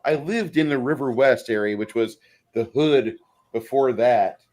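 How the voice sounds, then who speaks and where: A man with a mid-range voice, relaxed and chatty. He shares anecdotes in an easygoing podcast conversation. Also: medium pitch, a little slow. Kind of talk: casual chat.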